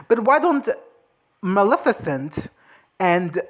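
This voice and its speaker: Low-pitched woman doing a loose movie rant, swears a lot, drops into little character voices. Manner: animated, swearing, mimics characters in quick asides. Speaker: movie reviewer. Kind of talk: casual reaction chat.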